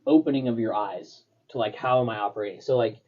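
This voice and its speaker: Over phone-quality sound, a young man with a fairly low voice talks fast. He's a podcast co-host in casual chat, rambling through stories with lots of filler words.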